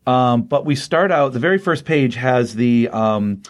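With an expressive, medium-pitched voice and a measured pace, a middle-aged man reviews comics on a podcast he co-hosts. He talks through the plots in a chatty, casual way, full of fillers.

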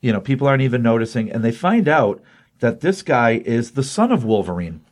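A man at an ordinary pitch walks through a comic book issue in casual podcast talk. He quotes each character in his own unchanged voice and fills the gaps with ums and uhs. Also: a little fast. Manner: retells scenes quoting characters in a flat voice, many ums.

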